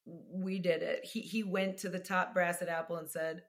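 Lower-pitched woman telling stories animatedly. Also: normal speed, few pauses. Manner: animated, laughs often, self-deprecating. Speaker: actress and guest. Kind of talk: casual interview storytelling.

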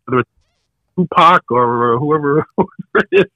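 An older man telling a story casually on a podcast, animated, and acting out the people in it. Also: fairly high pitch, normal speed, no room sound, dull audio. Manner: animated, acts out the other people in his story.

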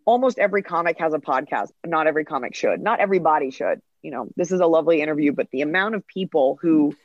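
A woman comedian in her thirties, a podcast guest, telling quick, chatty stories and acting out quoted lines in casual interview talk. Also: deep voice, expressive, no room sound, highs cut off.

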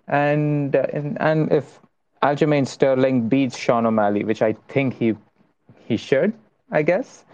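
A man's voice: mid-range voice, a little mellow, highs cut off. A man co-hosting a casual talk show remotely, speaking in a mock-dramatic, apologetic way.

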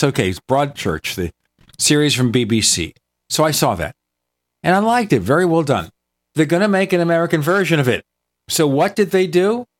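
A man's voice: fairly high pitch, fairly bright tone. A man hosting a tech talk show in casual, enthusiastic chat that wanders from point to point. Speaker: show host.

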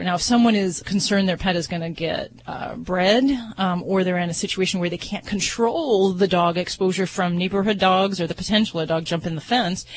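A woman's voice: fairly low pitch, slight background noise. A woman veterinarian answering listener questions on a call-in radio show, explaining at length with frequent ums. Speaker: veterinarian guest.

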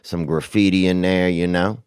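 Rambling, profane podcast host, low voice. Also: male voice, steady tone, normal speed, clear, resonant tone, dry recording, studio quality. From United States. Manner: rambling, profane, slangy storytelling with sudden loud bursts. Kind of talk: casual podcast storytelling.

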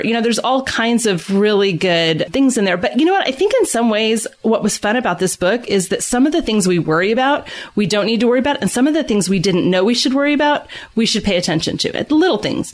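A middle-aged woman, a guest author, chatting in a casual podcast interview, animated and full of fillers. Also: medium pitch, fairly quick, few pauses. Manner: chatty and animated, many fillers, laughs easily. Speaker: guest author of a parenting book.

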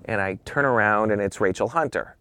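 Gravelly photographer spinning a yarn. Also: male voice, on the low side, a little fast. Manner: animated, acts out dialogue. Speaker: photographer, interview guest. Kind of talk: anecdotal storytelling.

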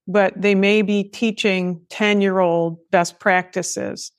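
A woman hosts a podcast in a relaxed conversational way, quick with a joke at her own expense. Her voice sits in a mid range and sounds dry and close. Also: mid-range voice, clear, resonant tone, dry recording. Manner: chatty, self-deprecating, quick asides. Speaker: podcast host. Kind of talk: casual interview chat.

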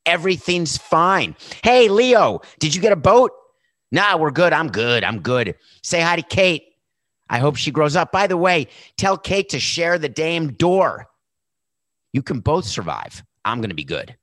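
A man's voice: fairly high pitch, sing-song, measured pace, fairly bright tone, no room sound, studio quality, pitched above the performer's own voice. A man doing a breezy mock-cheerful boss on a sinking ship. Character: smug male club boss staying on a sinking ship.

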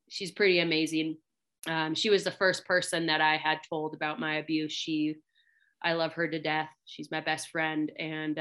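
A woman and hunting guide telling her personal story in a chatty way, full of fillers, acting out quotes in a higher voice. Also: bright, forceful tone, clean tone. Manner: chatty, many "like" fillers, acts out quotes with a raised voice.

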